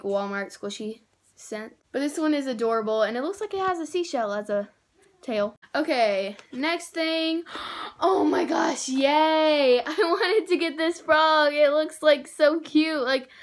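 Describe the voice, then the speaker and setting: A woman's voice: high voice, measured pace. A young woman, gushing over toys in a casual vlog and saying "like" and "oh my gosh" a lot. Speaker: vlogger. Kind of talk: excited haul vlog.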